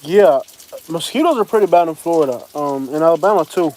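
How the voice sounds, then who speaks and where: A man's voice: on the high side, expressive, fairly quick, a little mellow. A man chatting casually and rambling to livestream viewers from outdoors in the rain. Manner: rambling, talks straight to chat viewers. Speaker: livestream host. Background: rain falling.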